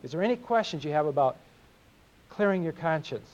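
Middle-aged guy preaching, earnest and confessional, kinda high voice, dull lo-fi sound. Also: lively intonation, a little fast, a little mellow. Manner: earnest, confessional, repeats words. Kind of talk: sermon.

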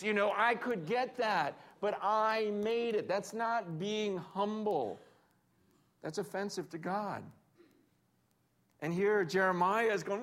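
A man preaching a sermon in a lively, conversational way, with self-deprecating jokes and acted-out quotes. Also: high voice, measured pace. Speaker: pastor.

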